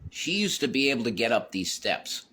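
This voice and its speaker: A man's voice: mid-range voice, sing-song, brisk, pushed and bright, slightly rough. A man rambling and swearing as he walks around his house, vlogging into his phone. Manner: rambling, repeats himself, swears a lot. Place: home, walking around with a phone.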